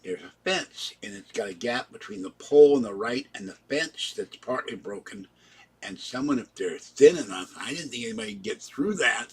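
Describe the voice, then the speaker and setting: A man with a husky, slightly breathy voice at an ordinary middle pitch tells a long personal story in a casual vlog. He rambles from one detail to the next and narrates in the present tense. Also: expressive, moderate pace. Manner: rambling, recounts events in present tense and acts out the quarrel; breaks off to talk softly to his cats. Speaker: vlogger.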